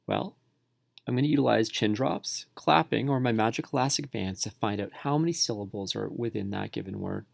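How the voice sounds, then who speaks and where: A man teaches spelling strategies in a calm tutorial voice, breaking words into syllables slowly and clearly. His voice carries a heavy gravelly fry. The sound is close and dry, with no room behind it. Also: fairly low pitch, no echo. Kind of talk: instructional tutorial narration.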